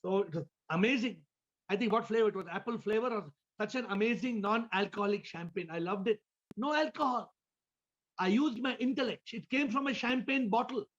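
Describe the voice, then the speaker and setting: A man's voice: sits high, fairly quick, a bit bright, lo-fi sound. A man, a spiritual teacher, giving a question-and-answer talk over a video call, often repeating words and asking listeners questions.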